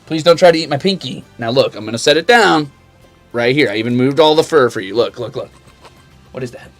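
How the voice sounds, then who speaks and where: A man's voice: medium pitch, expressive, brisk, faint music behind. A young man streaming, talking to and scolding his cats in a playful, teasing way. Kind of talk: casual chat with pets on stream. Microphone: desk mic.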